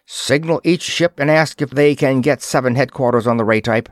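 A man's voice: mid-range voice, moderate pace, no echo, studio quality, close to an everyday voice. A man voicing a fleet commander who snaps out short, clipped orders. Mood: commanding.

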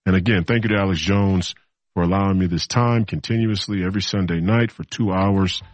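A man's voice: deep voice, brisk, dry recording. A man in his thirties hosting a political talk show, delivering a rambling monologue that repeats itself, with mocking asides. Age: 30s.

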